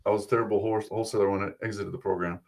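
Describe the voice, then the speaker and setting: A man's voice: on the low side, fairly even intonation, racing, a little mellow. Rambling man with Eastern European accent. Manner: rambling, self-deprecating, restarts a lot. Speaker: guest. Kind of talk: casual interview chat.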